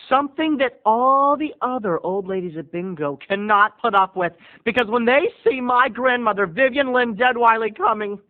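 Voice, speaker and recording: A man's voice: high-pitched, narrow, tinny audio. A man telling a comic family story in a theatrical, dramatic vlog style. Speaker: video blogger.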